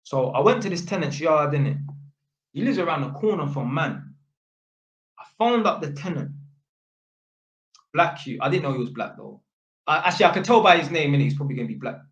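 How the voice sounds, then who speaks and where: A man's voice: fairly high pitch, expressive, a little fast, pauses often, a bit bright, muffled recording. A man telling a story in casual, sweary street slang, an electrician chatting to camera. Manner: slangy and sweary, full of innit and fam. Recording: echoey room.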